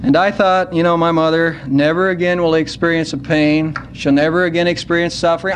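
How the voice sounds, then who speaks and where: A man preaching a sermon at a church service, earnest and unhurried, slowing down to stress key words. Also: on the high side, fairly even intonation, slight background noise. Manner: earnest, slows down to stress scripture.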